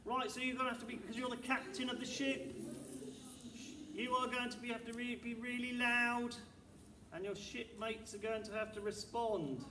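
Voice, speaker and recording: A man's voice: very high voice, steady tone, normal speed, far from the mic. A man, a primary school teacher, leading a music assembly with upbeat encouragement for the children. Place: school hall, indoors. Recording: echoey hall with background noise.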